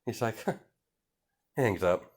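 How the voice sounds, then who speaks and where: Young male amateur storyteller; slow, low, rambling fan-fiction narration. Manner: rambling, full of fillers and restarts, laughs at own story.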